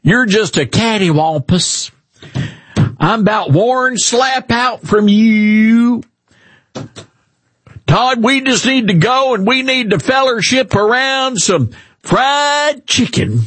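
A man's voice: extremely high pitch, animated, slow, fairly bright tone, dry recording, pitched above the performer's own voice, full character voice. A radio host doing an impression of a male politician who speaks in a folksy, drawling, fake Southern manner. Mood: folksy scolding.

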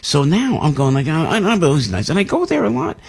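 Gravelly, animated male talk host. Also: a little high, quick pace. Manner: rambling, animated, frequent restarts. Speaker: radio talk show host. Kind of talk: casual storytelling chat.

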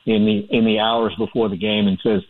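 A man's voice: fairly low pitch, little pitch movement, fairly quick. Chatty man on a tinny phone line. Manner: chatty storyteller, many fillers and restarts. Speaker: author guest. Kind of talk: phone-in radio interview.

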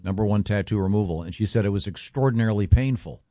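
A man's voice: on the low side, fast, dark tone, no echo, studio quality. A man in his forties hosting a radio show, asking questions and telling stories in an easygoing way. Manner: leading questions, easygoing storytelling. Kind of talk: casual radio chat.

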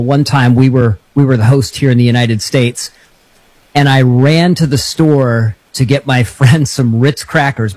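Co-host guy telling a funny story, laid back, no room echo. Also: mid-range voice. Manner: relaxed anecdotal storytelling. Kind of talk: casual chat.

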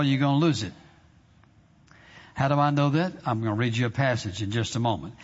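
A man's voice: mid-range voice, slightly rough. A man preaching a sermon as pastor, emphatic and conversational, repeating phrases and prompting the congregation for amens. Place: church sanctuary. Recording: dull reverberant hall recording.

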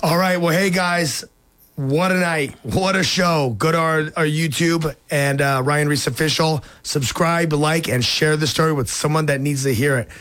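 A man with a fairly high voice hosts a faith talk show. He is enthusiastic and drawls out his preaching lines. The sound is dry and close. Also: fairly even intonation, a bit bright, no room sound. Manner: enthusiastic, slows down when preaching. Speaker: host and pastor. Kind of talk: casual talk show chat.

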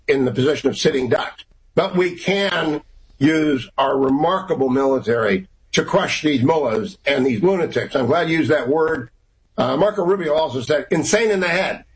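A middle-aged man giving forceful, rapid-fire opinions as a guest on a political talk radio show. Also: mid-range voice, rough recording.

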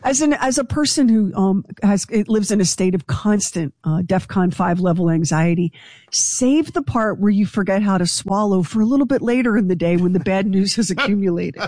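A woman's voice: mid-range voice, normal speed, dark tone, no room sound. A woman co-hosting a radio morning show in a studio, bantering in a joking, self-deprecating way. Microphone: studio microphone.

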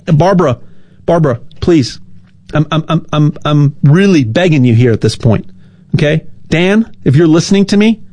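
A man hosting a show, talking in a casual, animated and rambling way that repeats and restarts words, with a sponsor pitch. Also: dry recording. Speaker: show host.

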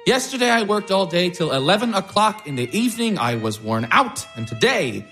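An actor playing a fussy, good-natured schoolteacher husband who chatters and laughs easily. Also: male voice, sits high, sing-song, a little fast, fairly bright tone, faint music behind, full character voice. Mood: cheerful. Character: jovial fussy middle-aged schoolteacher husband. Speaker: teacher. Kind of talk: stage drama acting.

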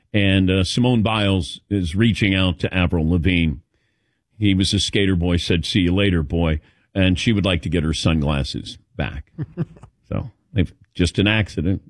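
A man hosting a sports talk show, telling stories in a lively, animated way and calling on his co-hosts by name. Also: fairly low pitch, no room sound, studio quality. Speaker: radio show host. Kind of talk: casual sports talk chat.

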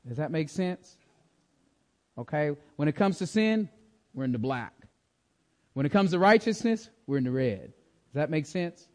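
A man preaching a Bible-teaching sermon, lively and emphatic, often asking the congregation questions. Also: a little high, moderate pace, long pauses.

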